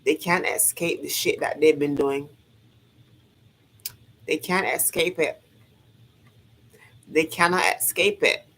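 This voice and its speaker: A woman's voice: low-pitched, fairly even intonation, takes it slowly, long pauses, fairly bright tone, rough recording. A woman in a casual motivational vlog monologue, talking in an emphatic, repetitive way, swearing freely as she preaches to her viewers. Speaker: vlogger.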